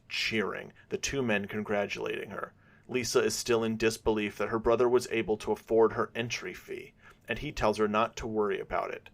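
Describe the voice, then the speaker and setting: A man narrating a fan-made episode in a measured storytelling way. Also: on the low side.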